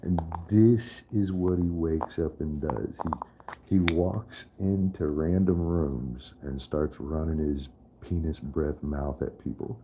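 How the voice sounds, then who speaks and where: A man's voice: sits low, a little slow, dark tone, slight background noise. A man in a casual live stream chat, profane and trash-talking, laughing often.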